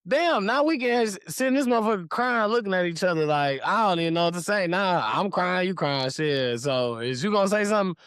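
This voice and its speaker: A man's voice: sits high, a little fast, few pauses, fairly bright tone, clear, resonant tone, dry recording, studio quality. A man with a Detroit accent, co-hosting a casual podcast and telling stories in a laid-back way, swearing freely. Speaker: podcast co-host.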